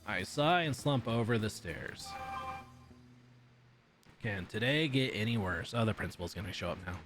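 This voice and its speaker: A man's voice: on the low side, lively intonation, normal speed, a bit bright, soft background music. A man streaming himself reading a visual novel aloud in a casual way, with swearing and offhand asides.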